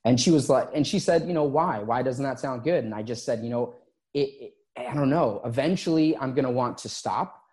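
A man's voice: medium pitch, a little fast. A man who is an interview guest and former gym owner, telling his story casually and acting out past conversations. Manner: relaxed, recounts conversations in quotes.

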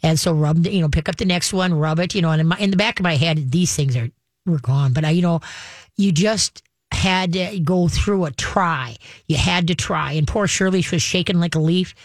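A woman's voice: fairly low pitch, normal speed, dry recording, clean studio sound. A woman telling a long story in casual conversation, full of fillers and restarts. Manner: rambling, many fillers and restarts.

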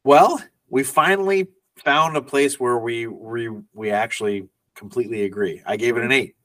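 A man's voice: medium pitch, normal speed, fairly bright tone, far from the mic. A man co-hosting a podcast, chatting casually and wryly about a film. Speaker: podcast co-host. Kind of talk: casual film review chat. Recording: mic set back, dry room.

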